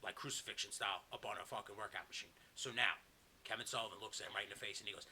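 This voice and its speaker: Bright-voiced man telling a profane story. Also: very fast, slightly rough. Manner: rambling, profane storytelling, pitching a wild scenario. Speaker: podcast host. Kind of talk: casual chat.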